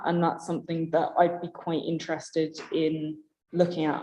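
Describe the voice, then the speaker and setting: A woman's voice: on the low side, warm tone, slight background noise. A woman who is losing her voice answers a council committee's questions earnestly, with restarts as she thinks aloud. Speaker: guest presenting to council committee. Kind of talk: formal meeting answer. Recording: echoey meeting room.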